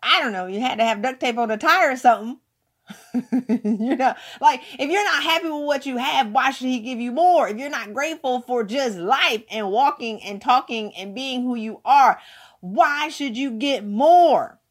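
A woman's voice: sits high, normal speed. A woman giving an emphatic motivational talk, hammering points home with repeated words. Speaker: motivational speaker.

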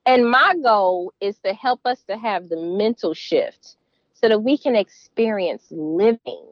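A woman's voice: medium pitch, a little slow, dry recording, highs cut off. Earnest Southern woman, middle-aged. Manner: earnest, emphatic, warm laughs. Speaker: guest. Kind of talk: casual interview.

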